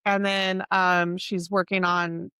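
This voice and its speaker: A woman's voice: on the low side, little pitch movement, slow, sharp tone, clean tone, dry recording. A woman co-hosting a podcast, talking casually about books, stopping often to search for the right word. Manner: chatty, searches for words, many fillers. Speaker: podcast co-host. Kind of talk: casual book chat.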